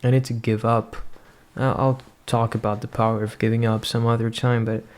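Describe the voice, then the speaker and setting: A man's voice: medium pitch, little pitch movement, normal speed, a little mellow. A young man, not a native English speaker, delivering a rambling, profane, introspective monologue as a vlogger.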